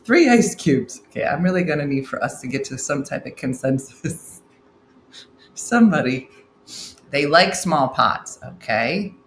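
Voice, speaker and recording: A woman's voice: sits low, expressive, unhurried. A middle-aged woman hosting a casual morning live stream, reading viewer comments aloud with wry, chatty asides. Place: room at home. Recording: roomy echo, faint room noise.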